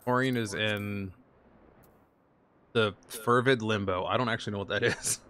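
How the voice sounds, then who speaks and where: A man's voice: fairly low pitch, steady tone, moderate pace, fairly bright tone, slight background noise. A man streaming an online game, chatting casually with friends, joking and swearing freely. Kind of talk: casual gaming chat over voice call. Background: music.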